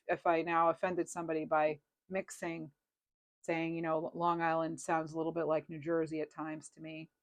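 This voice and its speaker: A woman reading tarot cards in a casual, rambling and reassuring way, with many fillers. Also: low voice. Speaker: tarot reader.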